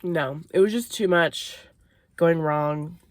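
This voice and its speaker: A woman's voice: deep voice, slow, no room sound. A young woman from Maine telling a story casually while eating in a car, swearing and laughing between bites. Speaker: vlogger. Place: inside a parked car.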